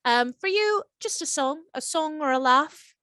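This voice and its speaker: A woman's voice: high-pitched, lively intonation, unhurried, pushed and bright, no room sound, voice pushed up, full character voice. A woman putting on a chirpy Irish-accented elemental barkeep. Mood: teasing. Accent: attempted Irish. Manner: chirpy, welcoming, chatty innkeeper. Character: cheerful airy female elemental barkeep. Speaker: tavern keeper. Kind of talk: tabletop role-play.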